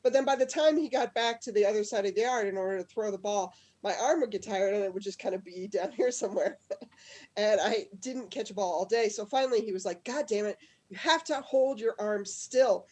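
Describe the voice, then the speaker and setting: A woman hosting a live storytelling comedy show over a video call, chatty and quick to laugh as she tells her own tale and introduces acts. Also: mid-range voice, dark tone. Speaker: show host.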